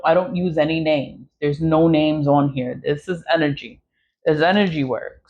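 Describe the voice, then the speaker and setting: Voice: mid-range voice, a little mellow. Vlog host, blunt and emphatic, swears freely, mid-range voice, slightly muffled audio. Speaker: content creator. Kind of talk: casual vlog monologue.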